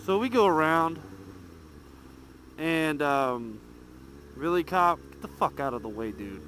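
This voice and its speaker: A man's voice: fairly high pitch, measured pace, a little hiss or hum. A man telling a profane hotel story in a casual vlog, recorded on a helmet mic while out on his motorcycle. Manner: animated, profane, laughing storyteller. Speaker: motovlogger. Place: outdoors riding a motorcycle.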